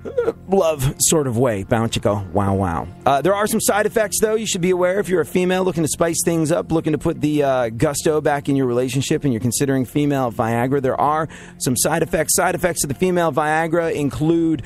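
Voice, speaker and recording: Rambling, jokey New York host. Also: male voice, on the high side, fast, few pauses, darkish tone, soft background music. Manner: rambling and jokey, many fillers and restarts. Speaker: show host. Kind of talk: comedic casual chat.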